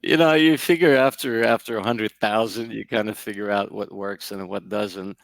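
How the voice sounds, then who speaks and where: A man's voice: on the low side, steady tone, normal speed, vocal fry, dry recording. A man, an energy healer, giving a podcast interview and telling his story in a reflective, rambling way.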